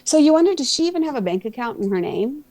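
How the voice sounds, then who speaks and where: Chatty high-voiced woman co-host. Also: big pitch swings, quick pace, mellow, dry recording. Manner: chatty, opinionated, gossipy. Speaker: podcast co-host. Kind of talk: casual chat.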